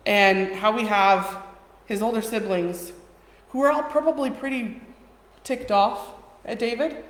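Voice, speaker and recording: A woman giving an informal, conversational sermon in a church, telling the story with quoted voices. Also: on the high side. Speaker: preacher. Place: church hall. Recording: echoey hall with long reverb.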